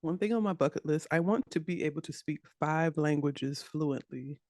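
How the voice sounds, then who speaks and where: A woman's voice: deep voice, moderate pace, no room sound. Southern woman guest on a podcast, lots of laughs, acts out voices, dry sound. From United States. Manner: animated, laughs often, acts out quoted voices. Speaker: podcast guest, web developer. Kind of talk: casual interview chat.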